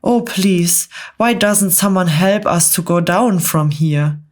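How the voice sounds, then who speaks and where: A woman softly voicing a fretful lady spider in a whispered role-play bedtime story. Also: on the low side. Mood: pleading. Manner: soft, slow, gentle.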